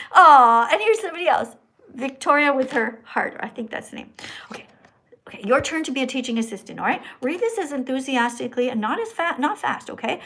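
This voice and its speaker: A woman hosting a live stream, talking to callers like a teacher who lectures and corrects them. Her voice sits a little high. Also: gravelly, a bit bright. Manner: schoolteacher-like, scolding and instructing; says her own voice is annoying. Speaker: livestream host.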